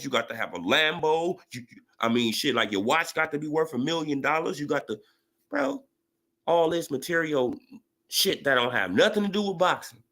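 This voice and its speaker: Guy w ranting on a boxing vlog, voice swinging way up and down, swears a lot. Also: on the high side. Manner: animated, profane, rising to excited rants. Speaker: boxing commentator vlogger. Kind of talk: casual monologue.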